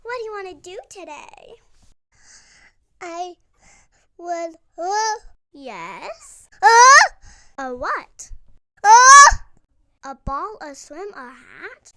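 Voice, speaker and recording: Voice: extremely high pitch, expressive, slow, long pauses, fairly bright tone, no echo. A child reading a picture book aloud, doing playful character voices with dramatic sneezes. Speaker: young reader.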